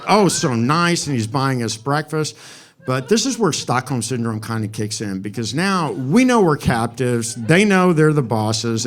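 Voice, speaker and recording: A man in his sixties tells a personal story on stage. He speaks candidly with some swearing and acts out the quoted dialogue. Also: medium pitch.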